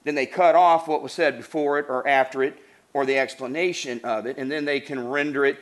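A middle-aged man delivers a sermon with a mid-range, brisk voice, telling funny stories before setting out numbered points. He's animated, acting out voices and laughing as he tells the stories.

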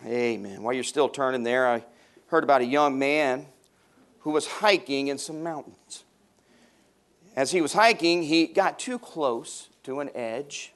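A pastor preaching a sermon to his congregation, stressing his points and repeating key phrases. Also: medium pitch.

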